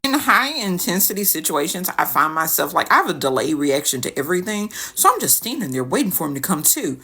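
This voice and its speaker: Animated sassy young woman storyteller. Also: on the low side, fairly quick, slightly rough. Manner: animated, sassy, dramatic quoting. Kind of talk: storytelling to camera.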